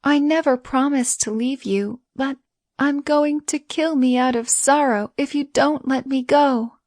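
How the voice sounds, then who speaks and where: A woman voicing a tender young heroine who pleads in a high, emotional voice. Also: takes it slowly, dry recording, studio quality. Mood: pleading.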